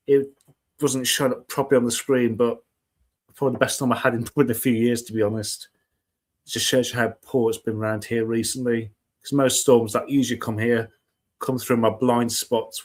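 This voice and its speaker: A man's voice: mid-range voice, darkish tone. A man hosting a casual live weather chat show, talking in a chatty, rambling way and often correcting himself mid-sentence.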